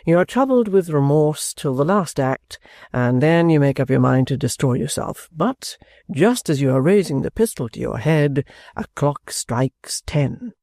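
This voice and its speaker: A man voicing an earnest young dramatist who speaks in a measured way. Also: a little high, expressive, darkish tone, no room sound, clean studio sound.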